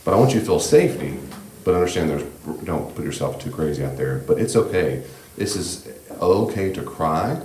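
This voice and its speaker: Very deep-voiced man teaching a church class. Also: animated, moderate pace, hardly any pauses. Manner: gentle, reassuring, conversational with frequent asides. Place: church meeting room. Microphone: handheld microphone. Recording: echoey room with faint background hiss.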